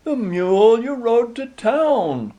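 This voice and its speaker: A man voicing a gentle, forgiving middle-aged farm wife, speaking softly and tenderly. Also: very high-pitched, big pitch swings, slow, lo-fi sound, pitched above the performer's own voice, full character voice. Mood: firm.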